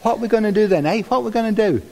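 A man putting on a rough cockney accent to play a clueless male vulture, as part of a sermon, in an echoey hall. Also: sits high, racing, warm tone, voice pushed up. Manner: rough, self-mocking imitation.

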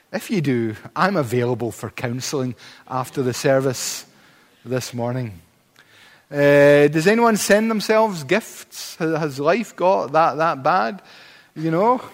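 A man's voice: fairly high pitch, long reverb tail. A man preaching a sermon in church, emphatic, with dry humorous asides.

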